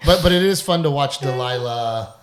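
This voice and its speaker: A middle-aged man hosting a podcast in casual chat, animated and quick to laugh, with the odd curse. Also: medium pitch. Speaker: podcast host. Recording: roomy echo.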